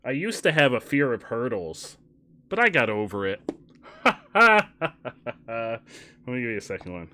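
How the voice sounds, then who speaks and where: A man's voice: medium pitch, sing-song, a little slow, bright, forceful tone. A man chatting casually on a live stream, telling dad jokes, laughing often and correcting himself as he rambles. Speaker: game streamer.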